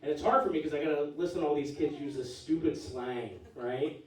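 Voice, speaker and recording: A man's voice: a little high, brisk, heavy background noise. Punchy, profane man in his forties on stage. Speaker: stand-up comedian. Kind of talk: stand-up comedy set. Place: live comedy club stage. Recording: echoey room from far off. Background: audience laughing.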